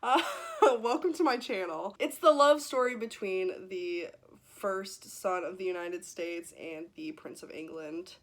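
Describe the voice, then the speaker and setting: A woman's voice: fairly low pitch, unhurried. Gushing, teary young woman vlogger. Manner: gushing, emotional, laughs often and tears up. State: teary, close to crying. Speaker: book vlogger. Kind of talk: casual vlog chat.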